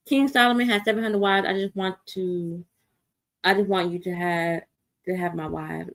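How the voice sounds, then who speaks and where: A woman with a slightly low voice, ranting bluntly and with plenty of swearing into her computer mic during a casual livestream. She reads out viewer comments and answers them, and often stops and restarts her sentences as she goes. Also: steady tone, poor audio. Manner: blunt, profane, fast rants with repeated restarts. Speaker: livestream host. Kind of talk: casual unscripted livestream talk.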